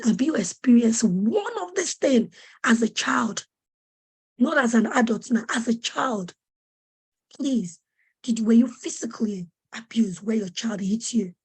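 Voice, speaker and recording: A woman's voice: a little high, a little mellow, slightly rough. A woman presenting a parenting webinar, speaking with urgent, preacherly emphasis and repeating questions to press her point. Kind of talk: earnest teaching talk to parents.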